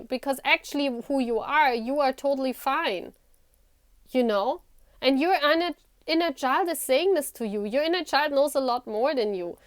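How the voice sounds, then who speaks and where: A woman's voice: high-pitched, no echo, studio quality. Chatty, giggly woman giving a tarot reading. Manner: talks directly to the viewer, repeating "you know". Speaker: tarot reader. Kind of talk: casual tarot reading to camera.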